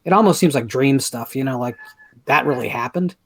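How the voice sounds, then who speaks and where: Husky-voiced man gushing about a show. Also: mid-range voice, brisk, fairly bright tone. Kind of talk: casual movie commentary.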